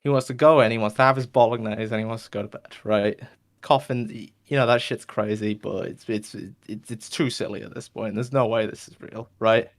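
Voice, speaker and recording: Gravelly man telling a rambling joke. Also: fairly low pitch, fairly even intonation, fairly quick. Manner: tags lines with "right?", restarts often, makes whooshing sound effects.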